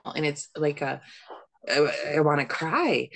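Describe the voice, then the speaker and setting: A woman talking as a podcast guest in an easy conversational way. Her voice sits very low with a gravelly fry running through it. She speaks thoughtfully, pausing on "um" as she gathers her words. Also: poor audio. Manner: thoughtful, hesitant with "um". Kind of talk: casual chat.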